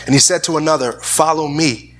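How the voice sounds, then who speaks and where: Male pastor, husky and bright-toned, earnest sermon delivery with frequent restarts. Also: a little high, steady tone, a little fast. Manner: earnest, repeats words while searching for phrasing. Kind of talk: sermon with scripture reading.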